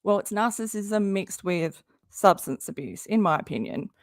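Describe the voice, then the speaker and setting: Streaming live from home under a rain-drummed tin roof, a woman whose voice is going chats casually, greets viewers and laughs a lot. She talks at a normal speed in a mid-range voice with lively intonation, in a dry, studio-quality recording.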